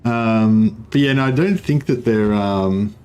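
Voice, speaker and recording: A man's voice: lowish voice, slow, darkish tone, clear, resonant tone. A man streaming a strategy game, chatting in a rambling way and greeting viewers. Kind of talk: casual livestream commentary.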